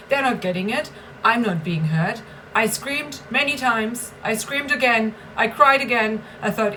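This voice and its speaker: Woman, higher-pitched, emphatic and bitter, swears a lot, confessional vlog rant. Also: normal speed, pushed and bright, slight background noise, poor audio. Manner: emphatic, bitter, swears often, repeats for stress. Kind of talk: agitated personal vlog rant.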